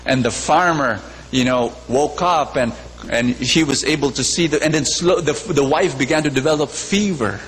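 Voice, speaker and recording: A man's voice: on the high side, normal speed, few pauses, a bit bright. A man preaching a sermon in a large church, repeating phrases, questioning his listeners and telling a fable. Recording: long church reverb, faint hum.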